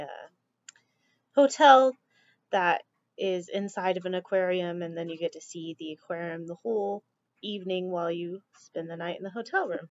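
A woman teacher talking through slides in a relaxed, chatty way, with frequent ums. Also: fairly low pitch, no echo. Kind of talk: classroom slideshow lecture. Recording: dull lo-fi dry recording.

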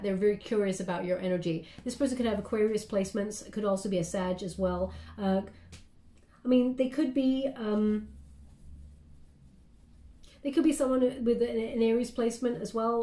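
A woman's voice: mid-range voice, dark tone. A woman giving a casual spoken tarot reading, chatty and meandering, often checking in with her listener. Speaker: tarot card reader. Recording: roomy echo.

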